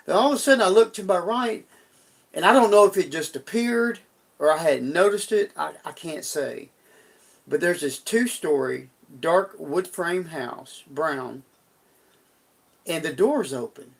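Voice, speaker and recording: A man's voice: a little high, expressive, unhurried, gravelly. A middle-aged man on a live stream, telling a personal story in a folksy, rambling way with frequent restarts.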